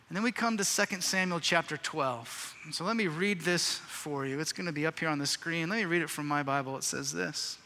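Bright-voiced pastor preaching in a hall. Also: male voice, sits high, lively intonation, normal speed. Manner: casual storytelling, slangy retelling. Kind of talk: sermon. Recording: reverberant hall.

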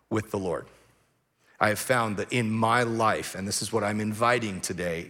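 A pastor preaching a sermon, animated and acting out the voices of grumbling people. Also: male voice, fairly low pitch. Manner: animated, acts out voices of complainers.

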